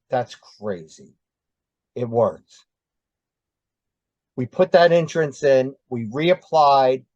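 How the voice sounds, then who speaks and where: An older man tells his story in a loose, meandering way and keeps pausing on ums and uhs. The sound is dry and a little dull, with no room tone. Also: medium pitch, a little mellow, no room sound. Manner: rambling, many ums and uhs. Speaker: interview guest. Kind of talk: casual storytelling.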